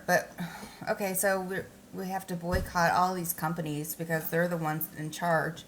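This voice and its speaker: A woman's voice: on the low side, little pitch movement, moderate pace, a little hiss or hum. A woman who just woke up, chatting casually on a livestream and ranting about news while greeting viewers. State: just woken up, sleepy. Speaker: livestream host.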